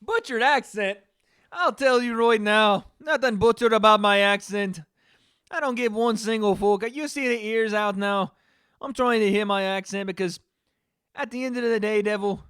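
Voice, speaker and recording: A loud, high, swaggering Irish fighter with a cocky bark, as a man puts on the accent. He brags and curses in a brash, taunting way, raising his voice well above his own talk. The sound is close and dry. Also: unhurried, smooth, dry recording. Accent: put-on Irish. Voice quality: boastful, swaggering, profane.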